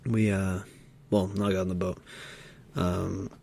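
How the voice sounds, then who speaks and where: A man with a lowish voice tells a story in a casual role-play podcast. He sounds tired and talks in a halting way, full of fillers and restarts. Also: flat delivery, gravelly, a little mellow, a little hiss or hum. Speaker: podcast co-host.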